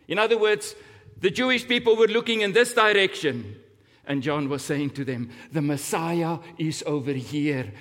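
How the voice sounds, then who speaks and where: A man preaching a sermon, telling a story slowly and dramatically, with big rises and drops in pitch and volume. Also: fairly bright tone. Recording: long hall reverb.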